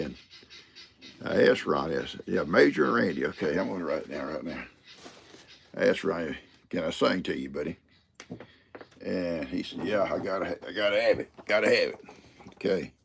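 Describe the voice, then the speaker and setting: A man's voice: low-pitched, animated, normal speed, vocal fry, long pauses, a little hiss or hum. An older man hosting a livestream, telling folksy stories, acting out quotes and laughing often. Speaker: livestream host. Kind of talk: casual livestream chat.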